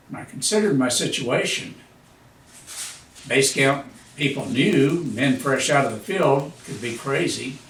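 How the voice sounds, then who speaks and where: A man in his seventies, a veteran, reading his own memoir aloud in a dry, understated storytelling manner. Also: a little high. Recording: echoey room, voice a bit far from mic.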